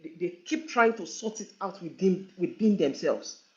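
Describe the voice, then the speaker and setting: A woman's voice: lowish voice, animated, normal speed, mellow. A woman giving a live online talk, earnest and conversational, repeating phrases for emphasis. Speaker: relationship speaker. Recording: dull lo-fi online stream.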